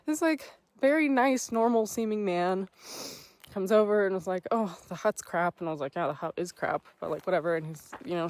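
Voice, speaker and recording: Solo hiker woman vlogging, slightly low voice, halting and unsure. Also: no echo. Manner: hesitant, lots of fillers and restarts, low-key. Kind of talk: candid vlog talk to camera. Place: indoors, small locked woodshed at night.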